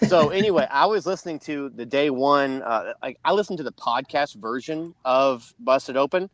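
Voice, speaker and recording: A man's voice: medium pitch, expressive, moderate pace. A man co-hosting a podcast, telling a long story in a casual, rambling way. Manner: rambling storyteller, many restarts. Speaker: podcast co-host.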